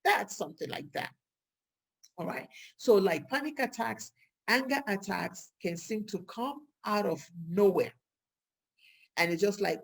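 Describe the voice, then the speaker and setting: A woman's voice: mid-range voice, unhurried, gravelly, pauses often, husky. A woman vlogger talking casually to her viewers, asking them questions and acting out what people say. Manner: lively, rhetorical questions, acts out quoted speech. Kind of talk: casual talk to camera.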